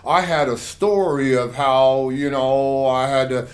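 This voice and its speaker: A middle-aged American author, appearing as an interview guest, tells his story conversationally with passion and animation, acting out quoted dialogue. His voice is mid-range and his pace measured.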